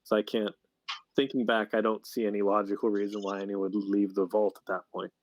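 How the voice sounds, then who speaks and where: A man's voice: lowish voice, little pitch movement, fairly quick, no echo, low-quality recording. Man explaining plots in a dry, close sound. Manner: explains plots at length, matter-of-fact. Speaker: podcast co-host. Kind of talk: casual chat.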